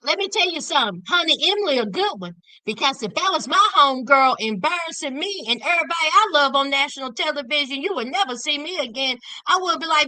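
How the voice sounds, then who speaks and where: Woman commentator, sassy and animated, high bright voice. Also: fast, few pauses, dry recording. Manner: sassy, animated, Southern slang. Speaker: reality TV commentator. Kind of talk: casual reaction commentary.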